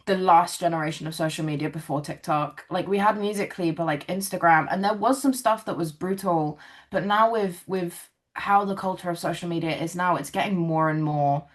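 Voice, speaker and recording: A woman's voice: fairly low pitch, a little fast. A British woman in her twenties, a singer chatting casually as an interview guest, talkative and self-mocking, with many "like"s. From United Kingdom.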